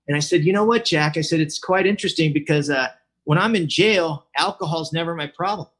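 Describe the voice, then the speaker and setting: A man's voice: a little high, a little fast, a bit bright, breathy edge. A man from California telling his own recovery story at an online meeting, chatty and casual, acting out what people said and adding "you know" often. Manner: chatty, acts out quoted dialogue, says "you know" a lot. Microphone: computer mic on a video call.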